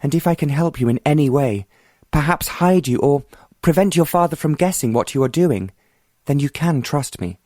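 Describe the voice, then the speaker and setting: A man reading an earnest, gentle young woman. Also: fairly high pitch, animated, normal speed, no echo, studio quality, lightly acted.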